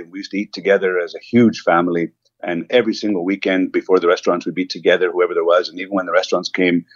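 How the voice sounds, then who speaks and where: A man's voice: deep voice, dry recording, lo-fi sound. A man, a restaurant owner, telling rambling stories with lots of asides as a guest in a casual interview. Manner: rambling, animated storyteller, many asides.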